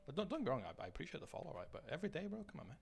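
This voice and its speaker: A man's voice: on the high side, huge pitch swings, racing, creaky, breathy edge. A man chatting casually to his live-stream audience while gaming, rambling, swearing and greeting viewers by name.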